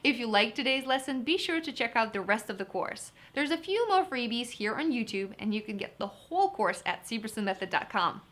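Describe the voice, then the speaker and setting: A woman's voice: fairly high pitch, big pitch swings, fairly quick, hardly any pauses, a bit bright, slight background noise. A woman teaching vocabulary in an upbeat, chatty lesson, talking to viewers as guys. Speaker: vocabulary tutor. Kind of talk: lively test-prep lesson.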